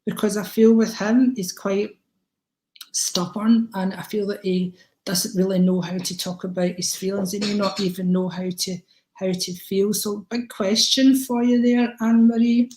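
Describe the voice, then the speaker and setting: A woman's voice: medium pitch, flat delivery, moderate pace, darkish tone. Woman, psychic card reader, chatty, affectionate, echoey room. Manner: chatty, affectionate, addresses viewers by name. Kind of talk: live-stream card reading.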